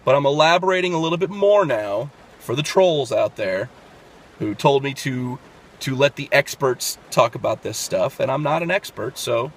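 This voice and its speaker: A man's voice: mid-range voice, expressive, normal speed, a little hiss or hum. A man explaining workout technique in a casual fitness vlog, talking step by step with lots of fillers and restarts. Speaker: fitness vlogger.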